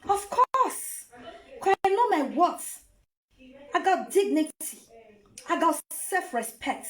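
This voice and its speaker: A woman's voice: very high-pitched, big pitch swings, slow, pauses often, fairly bright tone, reverberant. A woman with a Nigerian accent giving dramatic reaction commentary, mocking and wailing in a theatrical way. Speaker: reaction vlogger.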